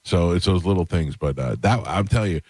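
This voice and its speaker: A radio host telling a long story in a casual way and acting out the voices of the people in it. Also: male voice, deep voice, fairly quick, slightly rough, no room sound. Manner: animated, acts out quoted voices. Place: radio studio.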